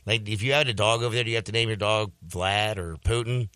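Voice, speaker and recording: A man hosting a sports radio show, telling a story in a casual, animated way and slipping into voices when he quotes people. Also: on the low side, fast talker, smooth, dry recording, studio quality.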